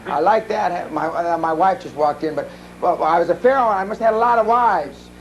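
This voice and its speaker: A man's voice: high-pitched, a little fast, highs cut off, a little hiss or hum. A man giving a live seminar talk, telling blunt, profane stories full of restarts. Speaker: seminar speaker. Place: seminar room.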